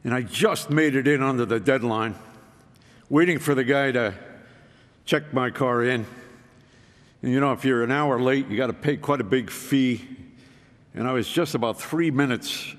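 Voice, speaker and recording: A man's voice: mid-range voice, moderate pace, pauses often. Man telling stories in a reverberant hall. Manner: folksy, self-deprecating with frequent restarts. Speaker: speaker. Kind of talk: storytelling talk.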